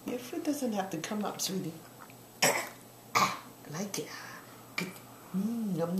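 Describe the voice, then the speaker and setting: An older grandmother talking baby talk in a sing-song, coaxing way, now and then dropping to soft whispers. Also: medium pitch, unhurried, pauses often. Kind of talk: baby talk while feeding a child. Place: home, indoors. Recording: echoey home room with background noise.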